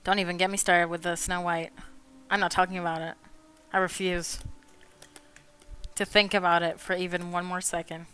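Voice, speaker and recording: Bright clear-voiced woman rambling and swearing on her art stream, laughs a lot, soft music under it. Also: lowish voice, level tone, normal speed, long pauses. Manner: swears freely, laughs often, mock-indignant rants. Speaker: artist streaming while drawing. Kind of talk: casual chat.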